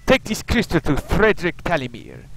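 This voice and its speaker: A man's voice: on the high side, huge pitch swings, normal speed, vocal fry, soft background music, full character voice, poor audio. A man voicing a grave male clan leader with a put-on Russian accent, reading game dialogue in a solemn, formal way.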